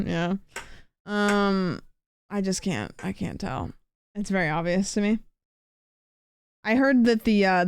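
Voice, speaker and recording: A woman's voice: mid-range voice, clear, resonant tone, no echo, clean studio sound. Chatty young woman from the Pacific Northwest. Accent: Pacific Northwest American. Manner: chatty and rambling, heavy use of "like", self-described monotone. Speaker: livestream host. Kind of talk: casual chat with viewers.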